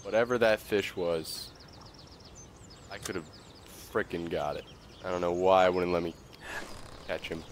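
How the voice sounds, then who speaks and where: A young man giving casual commentary on a fishing game, excitable, swearing and coaxing the fish along. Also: sits low, measured pace, long pauses, noisy background. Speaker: gaming video creator.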